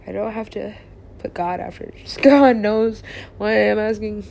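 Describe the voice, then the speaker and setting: A woman's voice: fairly even intonation, vocal fry. Rambling woman, mumbling then bursting out. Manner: drifting, halting, swings between low mumbles and sudden louder bursts; slips into soft whispers. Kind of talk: rambling confessional monologue.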